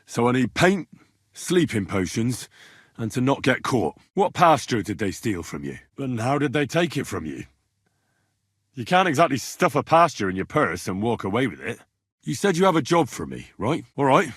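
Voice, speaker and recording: A plainspoken young medieval commoner hero for a game, husky, animated delivery, dry booth sound. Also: male voice, medium pitch, normal speed, no echo. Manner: sardonic, swears freely. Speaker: game protagonist. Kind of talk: game voice lines.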